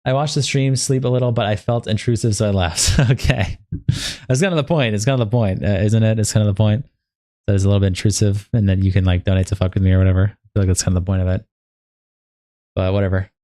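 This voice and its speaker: A man's voice: lowish voice, fairly even intonation, fast talker, dark tone, no room sound, clean studio sound. A young man livestreaming, reading a long document aloud in a casual, profane, sleepy way with bursts of hype. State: sleepy, yawning. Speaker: streamer.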